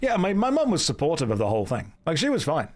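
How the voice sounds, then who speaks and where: With faint music behind him, a man in his thirties jokes with his chat while playing a game on stream. His voice is a little high with wildly swooping pitch and a fast delivery, and he reacts to chat with self-mocking stories.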